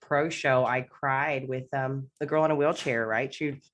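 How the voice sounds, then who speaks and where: A woman co-hosting a casual fitness podcast as a competition coach, talking animatedly and acting out her clients' worries in a higher voice. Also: fairly even intonation, unhurried, slight background noise.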